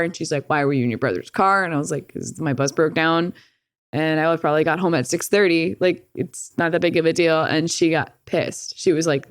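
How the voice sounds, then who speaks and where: A young woman with a low-sitting voice shares a personal story as a podcast guest, captured in clean studio sound without echo. She's candid and animated, curses frequently, and leans heavily on "like."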